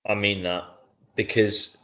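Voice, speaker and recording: Weary, deep-voiced man reacting live. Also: little pitch movement, takes it slowly, pushed and bright. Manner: frustrated, weary, chatty with viewers. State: sleepy, yawning. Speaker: watchalong host. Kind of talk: casual live match reaction.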